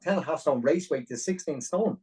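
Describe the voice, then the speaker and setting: Animated Irish man telling a story. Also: fairly high pitch, fairly quick, husky, recorded from a distance, poor audio. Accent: Irish, Dublin. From Ireland. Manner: animated, self-deprecating, frequent restarts. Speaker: podcast guest. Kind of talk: conversational storytelling.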